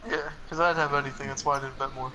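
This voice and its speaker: A man's voice: medium pitch, fairly even intonation, racing, low-quality recording. A man playing a game with friends over voice chat, defensively explaining himself and laughing easily. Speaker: fellow player. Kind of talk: casual gaming chat.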